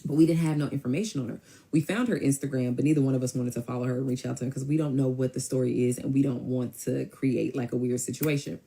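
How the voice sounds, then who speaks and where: A woman telling a personal story in a casual, animated way, with emphatic asides. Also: a bass voice, vocal fry. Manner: animated, emphatic, quick to mimic others.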